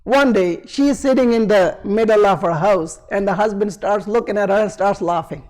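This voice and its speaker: A man's voice: sits high, normal speed, darkish tone, poor audio. A male preacher telling a story in a sermon, conversational and with frequent asides. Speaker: religious preacher.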